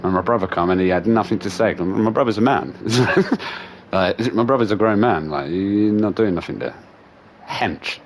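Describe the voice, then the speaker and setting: A man's voice: on the low side, moderate pace, a little hiss or hum. A man, a gaming streamer telling stories in a casual, profane rant and laughing along the way. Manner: profane, animated storyteller.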